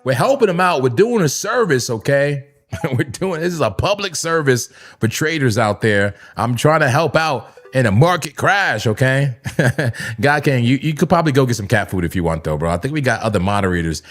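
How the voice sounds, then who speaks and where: A man hosting a live crypto trading stream, excitable and casual, laughing often and bursting into shouts as he banters with his chat. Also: mid-range voice, normal speed. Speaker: crypto trading livestream host. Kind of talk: hyped live trading commentary.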